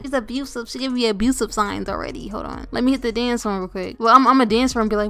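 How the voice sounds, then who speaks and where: A woman's voice: fairly high pitch, fast talker, gravelly, a bit bright. A young woman giving playful, mock-outraged commentary over her gameplay and laughing often. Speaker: gaming YouTuber.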